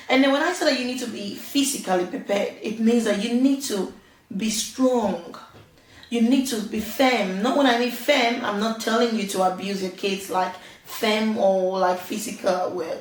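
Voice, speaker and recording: Roomy, distant woman giving parenting advice. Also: medium pitch. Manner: earnest, laughs often, acts out little quoted exchanges. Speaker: parenting vlogger. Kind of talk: casual advice talk. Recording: roomy echo, distant from mic.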